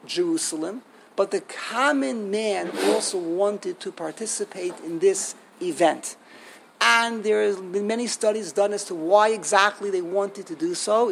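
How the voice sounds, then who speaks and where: A man giving a lecture on a liturgical poem, halting and restarting often and asking himself rhetorical questions. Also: high-pitched, slight background noise, poor audio. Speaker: Torah teacher.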